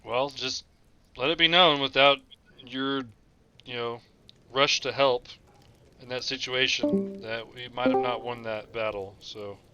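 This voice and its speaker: Deadpan male player, bright tone. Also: mid-range voice, unhurried, highs cut off, faint music behind. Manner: dry, deadpan. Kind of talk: casual game chat.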